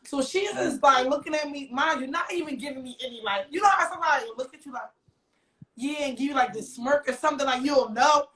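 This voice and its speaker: Speaking fairly quickly in a high voice, a female podcast guest relaxes into an animated story, performing the quoted lines. The mic catches her from a distance in an echoey room.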